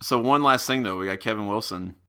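Wry man with a sharp forceful voice. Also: on the low side, fairly quick, clear, resonant tone. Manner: wry, brief reactions. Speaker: podcast co-host. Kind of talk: casual sports chat.

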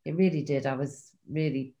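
Wry, low-voiced older woman. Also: fairly even intonation, moderate pace, mellow, lo-fi sound, a little hiss or hum. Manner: wry, self-mocking and candid. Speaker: guest recounting a diary. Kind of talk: reading diary entries and casual chat.

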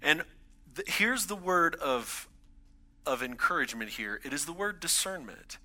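A man's voice: on the high side, animated, measured pace, sharp tone. A man in his thirties, a pastor, gives a conversational sermon in a church and builds emphasis on his key points.

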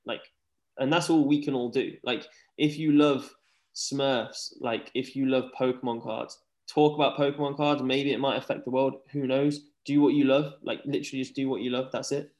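A young man chats energetically on a podcast, with lots of "like" fillers. His voice sits at a middle pitch. The sound is roomy, with clear echo around him. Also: moderate pace. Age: young adult. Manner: energetic, rambling, says "like" often. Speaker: guest, former pro tennis player. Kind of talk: casual podcast chat.

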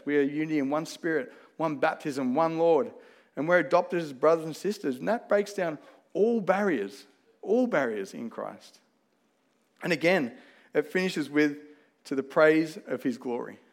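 With a creaky, fairly high-pitched voice, this man speaks in an Australian accent while preaching as a pastor. The sermon is earnest and chatty, threaded with stories from his own life.

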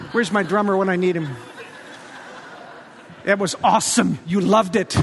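A man preaching a sermon, telling the story with animated flair and acting out the quotes. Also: high voice, a little hiss or hum. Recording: long hall reverb.

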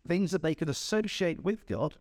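Man preaching, lively storyteller who laughs at his own jokes, dry close sound. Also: on the high side, normal speed, no room sound. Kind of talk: sermon with storytelling.

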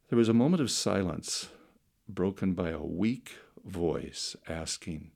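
A middle-aged man preaching a sermon through slow, dramatic storytelling that swings between loud and soft. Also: sits low, animated, gravelly. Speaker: pastor.

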